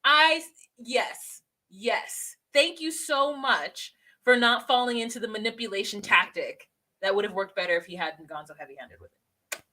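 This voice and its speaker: Woman, podcast co-host, casual chat, animated, bright voice, slightly high. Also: moderate pace. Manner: animated, laughs often, acts out quotes. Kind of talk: casual reality TV recap chat.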